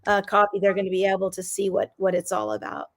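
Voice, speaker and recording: A middle-aged woman, a business coach and interview guest, talking in an energetic, emphatic, motivational way. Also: medium pitch, fast talker. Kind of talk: casual interview chat.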